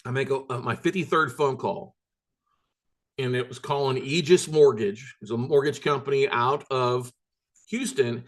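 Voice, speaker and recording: A man's voice: mid-range voice, normal speed. A man hosting a recorded business workshop, telling stories in a blunt, emphatic, repetitive way with mild swearing. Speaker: workshop host and note-buying coach.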